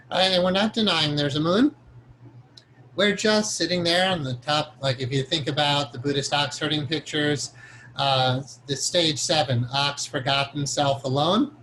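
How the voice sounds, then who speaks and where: A man teaching a recorded meditation class in a casual, animated way, acting out the inner voice of the mind as examples. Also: on the high side, slight background noise.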